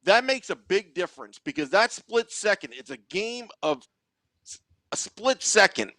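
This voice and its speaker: Male co-host, methodical analyst, slightly high voice, dry close mic. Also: big pitch swings, a little slow, bright, forceful tone, dry recording. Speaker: podcast co-host. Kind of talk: sports analysis chat.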